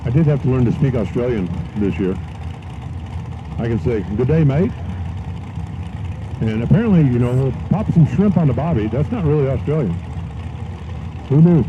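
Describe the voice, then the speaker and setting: Animated and fairly quick at a medium pitch, a man provides live drag race commentary from an outdoor strip, peppering his race calls with folksy jokes. Loud track noise fills the dull live-stream audio.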